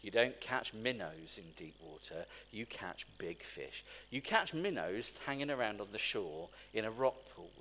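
A man's voice: on the low side, expressive, normal speed, few pauses, sharp tone, slight background noise. A man preaching a sermon in a conversational, storytelling way, with asides to the congregation. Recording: long hall reverb.

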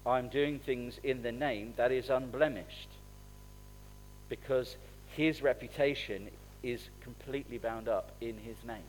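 A middle-aged man preaching a sermon in a conversational, animated way, swinging between soft asides and loud bursts. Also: medium pitch, measured pace, slight background noise, low-quality recording. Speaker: pastor.

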